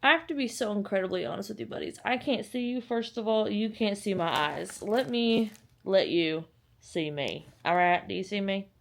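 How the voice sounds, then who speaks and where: A woman's voice: mid-range voice, animated, normal speed, creaky. A young woman talks straight to the camera about her reading, chatty and rambling. She jokes at her own expense and drifts off into little asides. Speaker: book vlogger. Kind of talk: casual chat to camera.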